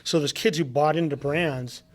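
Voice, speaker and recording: A man's voice: a little high, normal speed, crowd noise. A man on a podcast, a guest telling stories in casual chat, acting out what people said to him. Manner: animated storyteller, acts out quotes.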